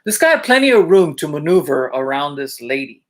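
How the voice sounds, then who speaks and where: A male teacher casually telling funny school stories to his viewers, chatty, with lots of fillers and quick check-ins, often laughing as he goes. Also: fairly high pitch, big pitch swings. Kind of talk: casual storytelling vlog.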